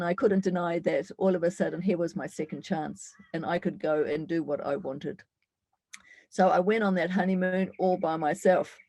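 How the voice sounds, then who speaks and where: A woman's voice: on the low side, warm tone, slightly rough, dry recording. A woman in her sixties telling her life story as a speaker at an online summit, candid and reflective, with frequent ums and restarts. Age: 60s. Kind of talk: personal life story talk.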